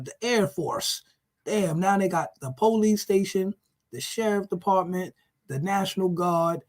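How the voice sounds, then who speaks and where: High-voiced man on a mocking rant. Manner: animated, profane, repetitive, mocking. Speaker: vlogger. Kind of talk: casual profane rant.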